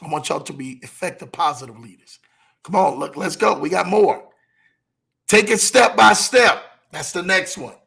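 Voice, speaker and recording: Gravelly motivational man, slightly high voice. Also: animated, a bit bright. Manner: preachy, repeats key lines, slows for emphasis. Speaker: motivational show host. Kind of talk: motivational talk.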